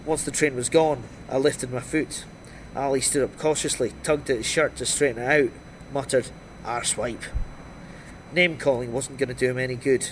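A man reading a first-person crime novel aloud in a dry, wry, steady storytelling voice. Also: mid-range voice, brisk, a little hiss or hum. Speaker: audiobook narrator.

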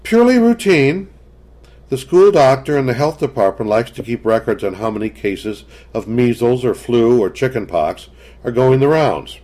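A man voicing a loud, cheerful young woman schoolteacher, speaking in a brisk, jovial way well above his own pitch. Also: natural voice.

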